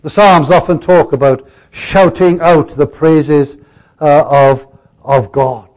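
A male pastor preaching a sermon, telling stories in a halting way with many restarts and fillers. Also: a little high, steady tone, darkish tone.

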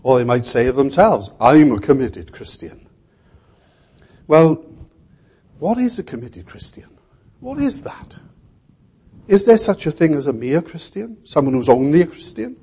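A male preacher delivering an expository sermon with a mellow, husky voice. He speaks in a measured way and keeps asking his listeners rhetorical questions. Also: on the high side, big pitch swings.

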